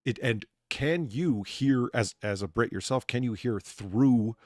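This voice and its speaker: A man's voice: mid-range voice, unhurried, no room sound, clean studio sound. A man from the United States hosting a live stream, chatting casually in a rambling, profane way that is full of restarts. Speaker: streamer and bartender host.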